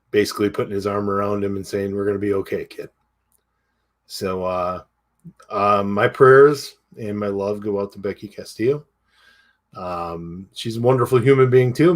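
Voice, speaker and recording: A man co-hosting a podcast, talking in a halting, casual way with many fillers and restarts. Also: fairly low pitch. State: tearful. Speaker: podcast co-host. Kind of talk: casual chat.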